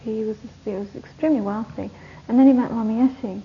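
A woman's voice: fairly high pitch, fairly even intonation, a little fast. A woman teaching a Buddhist course, giving a rambling, anecdotal dharma talk to a retreat group and laughing often. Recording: dull lo-fi recording, faint hiss.

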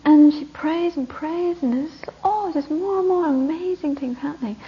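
A woman Buddhist teacher giving a talk, telling a story with lively narration that often drops to a whisper. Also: sits high, normal speed, few pauses. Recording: dull lo-fi recording with faint hiss.

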